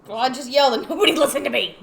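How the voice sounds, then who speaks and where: A woman's voice: sits high, rapid-fire, gravelly, a loud crowd. A woman playing in a tabletop game, chatting casually and asking questions. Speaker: player. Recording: echoey room, faint noise.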